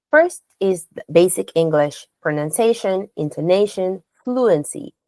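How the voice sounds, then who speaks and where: Slow, low-voiced woman coaching speakers. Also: dry recording. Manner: coaching, poses rhetorical questions to learners; demonstrates intonation out loud. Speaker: speech contest trainer. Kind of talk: instructional lecture.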